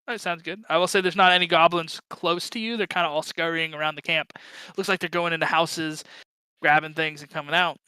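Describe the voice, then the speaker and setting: Bright-voiced man running a tabletop game. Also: fairly high pitch, steady tone, clean tone, no room sound, rough recording. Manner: chatty, halting narration with many fillers. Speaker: game master.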